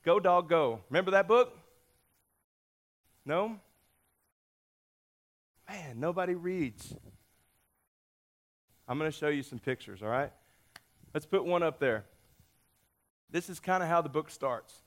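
A man preaching a sermon, telling a story in a playful, lively way with lots of shifts in emphasis. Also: a little high, takes it slowly, pauses often. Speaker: pastor.

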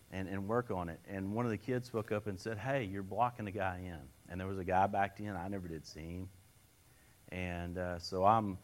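A lower-pitched man preaches to a congregation. He tells folksy stories from his own life in an earnest way and often restarts his sentences. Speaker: lay preacher. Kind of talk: sermon with personal stories.

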